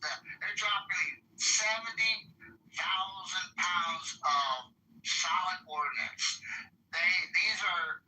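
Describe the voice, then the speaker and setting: A man in an online political chat, explaining in a slow casual way and swearing as he goes. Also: on the high side, pushed and bright. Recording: distant mic with faint noise.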